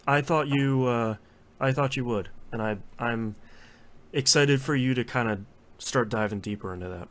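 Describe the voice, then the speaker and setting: A man co-hosting a podcast in casual chat, explaining game tips in a lively way and laughing easily. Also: medium pitch, moderate pace. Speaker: podcast co-host.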